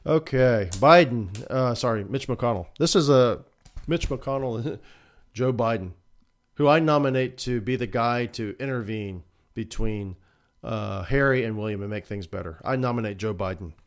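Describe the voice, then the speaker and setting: A male podcast host works through the day's headlines, reading passages straight and then undercutting them with dry sarcasm. His voice sits at an ordinary middle pitch for a man. He sounds like a regular commentator talking to his listeners. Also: moderate pace. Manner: sarcastic, mock-emotional asides. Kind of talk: political commentary, reading news aloud. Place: Florida.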